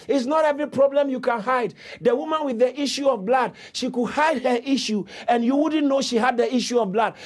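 Male preacher, very high voice, fervent and impassioned sermon delivery.

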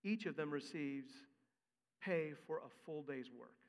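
A man preaching a sermon as a pastor, with an expressive, conversational delivery. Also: fairly high pitch, unhurried, long reverb tail.

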